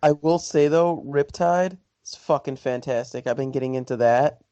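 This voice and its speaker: A man's voice: medium pitch, normal speed, warm tone, no echo, lo-fi sound. Emphatic male podcast co-host, dry sound. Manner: emphatic, enthusiastic opinions with swearing. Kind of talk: casual podcast chat.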